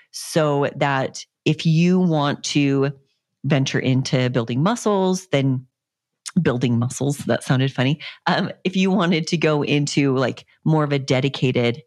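Woman, 30s, fitness coach podcast host; laughing, playfully sarcastic storyteller; slow, relaxed delivery; dry, close mic. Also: low voice, dry recording. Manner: giggly, animated storytelling with frequent laughter. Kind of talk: casual solo podcast chat.

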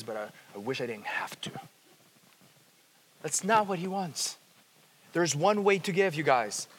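A man preaching a sermon as pastor, shifting between hushed, quiet passages and emphatic, rising ones. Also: high voice, long reverb tail. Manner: dynamic, swings from hushed to emphatic.

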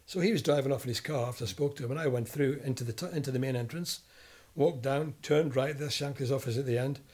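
A man's voice: mid-range voice, fast talker. An older Scottish man, a former footballer, recounting anecdotes in an interview and acting out the voices of people he quotes. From Scotland. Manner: animated storyteller, acts out quoted voices. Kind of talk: storytelling interview.

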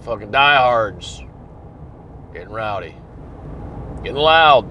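A man's voice: fairly low pitch, lively intonation, slow, bright, forceful tone, highs cut off, slight background noise. A man telling a story in a blunt, profane, conversational way. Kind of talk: casual storytelling monologue.

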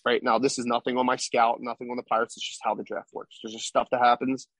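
Husky young man telling a story. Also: mid-range voice, level tone, fast, a bit bright, no room sound. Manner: rambling, tag questions like "right?". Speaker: podcast guest, baseball player. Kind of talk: casual storytelling interview.

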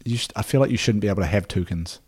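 A man's voice: fairly low pitch, rapid-fire, darkish tone, husky, no echo. Dry-humoured man, close and dry sound. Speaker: podcast co-host. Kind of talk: casual chat.

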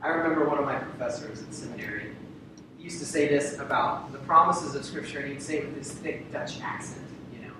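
A man preaching a sermon to a congregation, repeating key phrases for emphasis and asking rhetorical questions. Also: brisk. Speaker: pastor. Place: church sanctuary. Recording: very echoey hall, distant mic, rumble.

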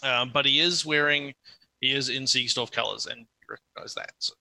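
Bright-voiced man running a tabletop game. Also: medium pitch, steady tone, a little fast, creaky, dry recording. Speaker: game master.

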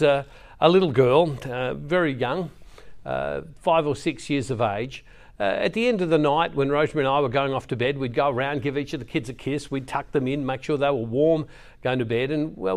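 A middle-aged man preaching, reading scripture and telling a family story with slow, emphatic pauses. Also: a little high. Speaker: Catholic preacher.

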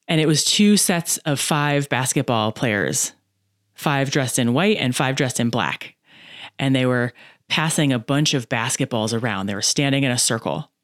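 A woman coaching on mindset in a solo podcast, lively and chatty, often adding "right?" and acting out inner voices. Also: extremely low pitch, no room sound, clean studio sound. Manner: acts out inner voices and laughs at herself.

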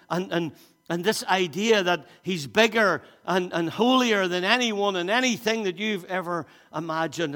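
High, bright-voiced male preacher. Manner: emphatic, repeats words, stammers and restarts. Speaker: pastor. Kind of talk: sermon with scripture reading. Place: church. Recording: long reverb of a church hall.

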